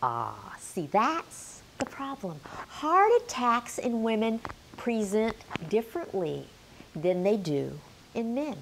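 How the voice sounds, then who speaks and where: A middle-aged woman gives a health lesson to camera, leaning hard on key words as she quizzes her viewers. She talks slowly, and her pitch swings widely up and down. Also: very animated, creaky, a little hiss or hum. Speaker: menopause health educator.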